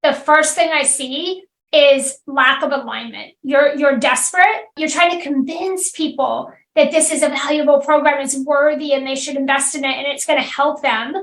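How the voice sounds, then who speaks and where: High-voiced woman coaching with emphatic repetition. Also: fairly even intonation, moderate pace, hardly any pauses, a bit bright, roomy sound, low-quality recording. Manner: direct, emphatic, repeats phrases for stress. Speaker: podcast host and business coach. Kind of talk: solo podcast monologue.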